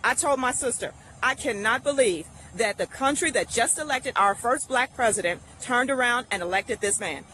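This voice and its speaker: A speaker recounting a personal story in a steady, matter-of-fact way. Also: medium pitch, normal speed, hardly any pauses, a little hiss or hum, rough recording. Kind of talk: casual personal monologue.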